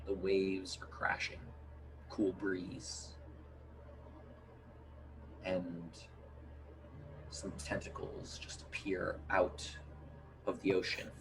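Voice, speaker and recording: A man narrating a tabletop game as game master in an unhurried, halting way, with many fillers. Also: deep voice, monotone, gravelly, background noise.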